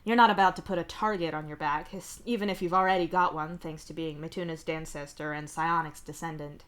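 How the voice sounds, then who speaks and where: Woman narrating a story live, lowish voice. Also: a little fast. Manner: even, second-person narration. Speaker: streamer reading fan fiction aloud. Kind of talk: live-streamed story reading.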